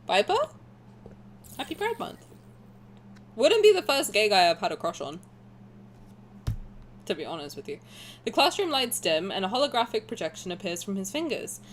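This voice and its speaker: A woman in her twenties with a posh southern English accent, streaming a game and chatting through it in rambling, animated asides. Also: mid-range voice, a little fast, a little hiss or hum. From south of England. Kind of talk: gaming commentary and reading aloud.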